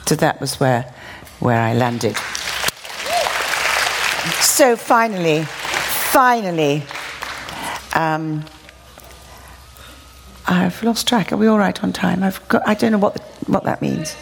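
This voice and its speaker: Woman preacher, humorous storytelling sermon, lively swings in pitch, lowish voice, laughs often. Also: takes it slowly, vocal fry, long pauses, crowd noise, noisy background. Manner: lively, self-mocking, laughs through her stories.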